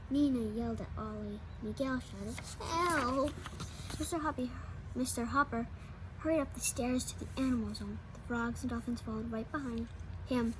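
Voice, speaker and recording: A woman reads a children's picture book aloud in a high voice, stumbling now and then and restarting a word. She adds small asides as she goes. A faint room hum stays under her. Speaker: storybook reader.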